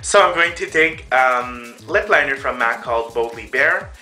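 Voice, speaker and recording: A man's voice: mid-range voice, expressive, normal speed, pushed and bright, faint music behind. A man hosting a casual makeup tutorial, talking the viewers through each step in a chatty way while he applies the makeup on himself. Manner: chatty, addresses viewers as girls and boys. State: out of breath.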